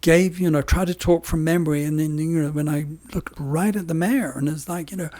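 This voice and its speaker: A man speaking as an interview guest, his voice worn hoarse and warm, mellow in tone. He rambles, circles back and stresses his points with emphatic restarts. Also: a little high, expressive, a little fast, few pauses. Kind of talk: casual interview talk.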